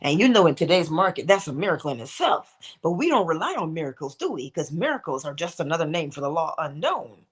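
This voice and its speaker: Animated woman giving a motivational talk. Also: deep voice, fast talker, few pauses, breathy edge. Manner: asks rhetorical questions and acts out quoted voices; drops to a whisper at times. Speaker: host of a morning inspiration stream.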